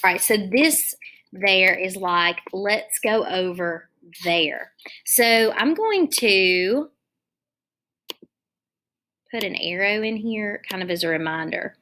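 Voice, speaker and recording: A woman teaching young children in an online lesson, dictating sentences slowly and spelling words out letter by letter. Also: medium pitch, lively intonation, bright, forceful tone.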